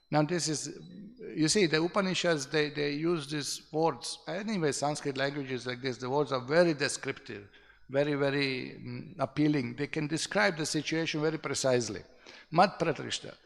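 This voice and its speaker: A man's voice: fairly high pitch, normal speed, gravelly, long reverb tail. A man leading a casual scripture class, talking conversationally, tagging remarks with "no?" and chuckling at his own stories. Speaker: scripture teacher. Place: temple hall.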